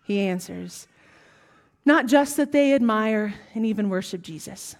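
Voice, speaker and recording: A woman with a Southern US accent preaching a sermon, with emphatic rising lines and hushed, whispered asides. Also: mid-range voice, animated, measured pace.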